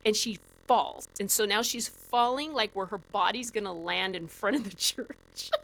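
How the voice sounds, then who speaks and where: A woman guest on a podcast, telling a story in a lively, animated way with lots of "like" fillers. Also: medium pitch, normal speed, vocal fry, slight background noise, rough recording. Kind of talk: casual storytelling.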